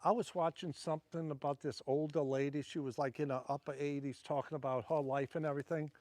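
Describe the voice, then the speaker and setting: A man's voice: fairly high pitch, fairly even intonation, quick pace, darkish tone, dry recording. A man with a Southern Louisiana accent chatting casually to livestream viewers while fishing from a wharf at night, rambling between casts.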